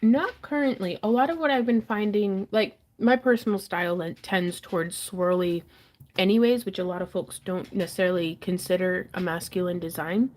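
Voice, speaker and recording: A woman's voice: mid-range voice, normal speed, a little mellow. A woman hosting a live jewelry auction stream in a casual, giggly, self-deprecating way.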